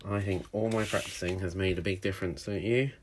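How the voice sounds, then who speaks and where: A male primary school teacher giving a recorded handwriting and phonics lesson, encouraging and sounding out letters slowly for young children. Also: deep voice, steady tone.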